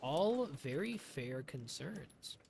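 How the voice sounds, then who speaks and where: A man's voice: on the high side, very animated, takes it slowly, gravelly, darkish tone, a little hiss or hum. A man doing live commentary on his own strategy game, talking to himself in a sarcastic, swearing way. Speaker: streamer.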